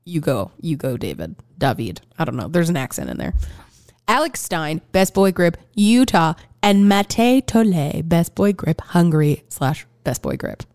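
A woman co-hosts a film podcast, gushing and cheering with real enthusiasm. Her lower voice swings lively up and down. The recording is dry and close. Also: a little slow, dry recording. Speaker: podcast co-host. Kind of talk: casual chat about film.

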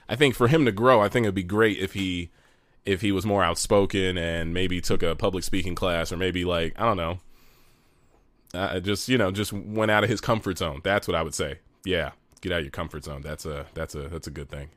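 A man's voice: sits low, steady tone, fairly quick, a bit bright, dry recording. A man co-hosting a casual podcast, rambling with frequent restarts and laughter, talking into his own mic over a remote call. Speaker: podcast co-host. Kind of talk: casual chat.

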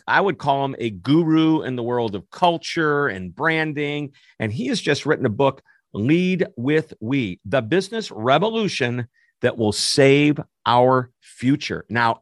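A man's voice: medium pitch, a bit bright, dry recording. Male host, upbeat and chatty, dry close-miked studio voice. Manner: enthusiastic, chatty. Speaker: podcast host. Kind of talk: radio interview hosting.

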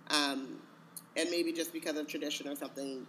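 A man chats in a loose, hesitant way, padding his thoughts with likes and ums. His voice is fairly high and bright and sharp. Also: steady tone, a little fast, a little hiss or hum. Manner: rambling, hesitant, many filler words. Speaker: podcast co-host. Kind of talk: casual chat.

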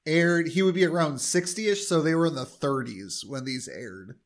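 A man's voice: fairly high pitch, normal speed. A man co-hosting a podcast, casually recapping a TV episode with lots of "uh" and "um" and quoting the characters' lines. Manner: recaps plot with many fillers and quoted lines. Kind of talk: casual chat.

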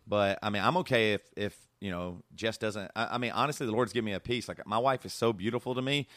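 A man's voice: on the low side, fast, fairly bright tone, dry recording. A man hosting a casual podcast, talking earnestly and emotionally with many restarts. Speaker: podcast host.

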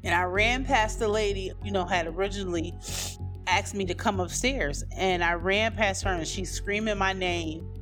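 A woman's voice: mid-range voice, normal speed, music in the background. A woman candidly telling her own life story in a loose, conversational way, with lots of "you know" and "like". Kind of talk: personal storytelling, unscripted.

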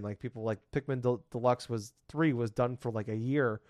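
A man's voice: mid-range voice, normal speed, few pauses, a little mellow, no room sound, clean studio sound. A man in his thirties hosting a casual podcast, rambling and ranting with lots of swearing. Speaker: podcast host.

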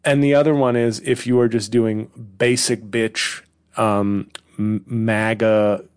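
A man's voice: fairly low pitch, flat delivery, slow, clean tone, dry recording, clean studio sound. A man hosting his own comedy podcast, rambling in a sardonic, profane monologue. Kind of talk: casual solo podcast monologue.

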